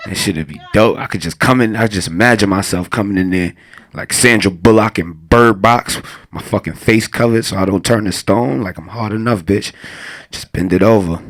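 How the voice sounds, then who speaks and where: A young man doing a crude, rambling stand-up comedy set, laughing at his own jokes. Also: deep voice.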